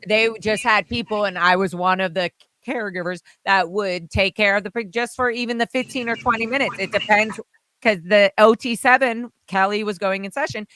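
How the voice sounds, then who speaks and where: A woman's voice: medium pitch, moderate pace, fairly bright tone, no echo. A woman guest telling long, rambling anecdotes in casual chat, often quoting other people. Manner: rambling, quotes people in their voices.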